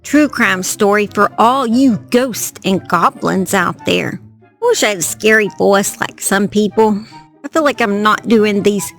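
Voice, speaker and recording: A woman with a Southern US accent tells a true crime story to camera by an outdoor campfire at night, chatty and self-deprecating as a true crime channel host. Her mid-range voice is unhurried and a bit bright, with faint music in the background.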